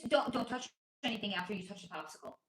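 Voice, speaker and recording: This livestream host and spiritual reader talks in a rapid-fire, medium-pitched voice, answering viewer comments from home with her child nearby. She keeps things playful, teasing viewers and laughing often. The recording is low quality and echoes around the room.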